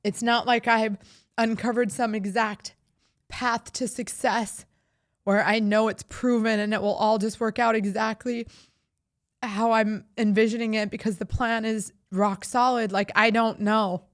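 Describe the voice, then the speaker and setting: A woman's voice: on the high side, fairly even intonation, measured pace, no echo, studio quality. A woman, hosting a podcast and speaking in a heartfelt, reflective way, often laughing as she talks. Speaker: podcast host. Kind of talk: personal reflective monologue.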